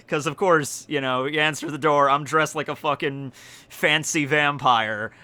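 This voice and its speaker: A man in his twenties, a YouTuber, telling stories casually in an excitable way, swearing often and laughing along. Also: a little high, a little slow, smooth. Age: 20s. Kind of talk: casual storytelling vlog.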